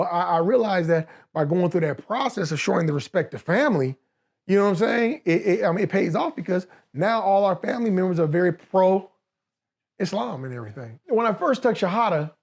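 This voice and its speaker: Give me an older man with a Northern California accent, telling lively stories in a casual interview and laughing as he goes. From United States. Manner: animated, laughing storyteller, voices his younger self in high pitch. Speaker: guest.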